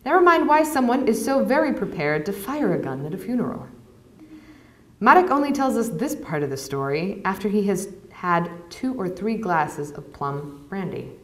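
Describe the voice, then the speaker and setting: Woman author reading her book out loud, calm even narration, mid voice, echoey lecture hall. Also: medium pitch, normal speed, slight background noise. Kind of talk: literary reading aloud.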